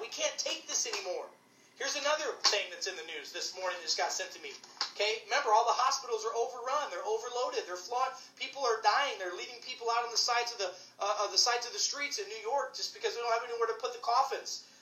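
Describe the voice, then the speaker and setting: Woman, physician, heated ranting commentary, bright edgy voice, roomy echo. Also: on the high side. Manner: fired-up, ranting, emphatic repetition. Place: St. Louis area.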